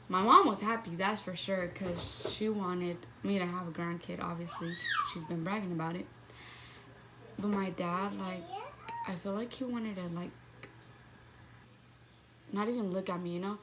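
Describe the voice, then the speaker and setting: A woman's voice: medium pitch, fairly even intonation, unhurried, long pauses, background noise. A young woman telling a personal story in a casual vlog, swearing freely and saying "like" constantly. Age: young adult. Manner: casual, profane, heavy use of "like". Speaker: vlogger.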